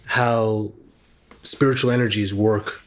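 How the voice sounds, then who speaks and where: A man's voice: lowish voice, fairly even intonation, slow. A man interviewing a guest, posing long, thoughtful, searching questions. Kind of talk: conversational interview.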